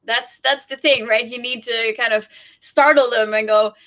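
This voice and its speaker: A woman guest, a sex coach, chatting casually, laughing often and agreeing with quick yeahs. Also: a little high, steady tone, fairly bright tone. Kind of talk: casual chat.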